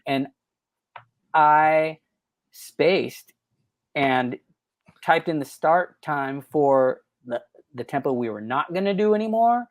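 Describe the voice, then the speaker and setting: A man's voice: on the high side, animated, a little slow, dry recording. Rambling man telling studio stories. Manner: rambling, with many fillers and self-corrections. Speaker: guest, record producer. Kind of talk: casual interview storytelling.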